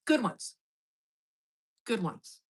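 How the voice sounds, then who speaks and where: A woman's voice: very slow, poor audio. A middle-aged woman telling a story in a casual monologue, blunt and profane. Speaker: host.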